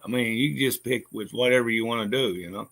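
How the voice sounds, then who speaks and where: A man's voice: mid-range voice, fast talker, creaky, a bit bright. A man vlogging in casual chat, rambling, swearing freely and laughing often. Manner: profane, laughs a lot, rambling.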